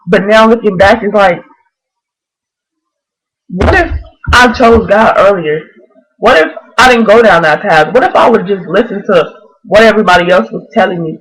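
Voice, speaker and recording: A woman's voice: mid-range voice, breathy edge, low-quality recording. A woman in her twenties preaching to camera in an earnest, fervent video blog. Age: 20s. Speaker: vlogger.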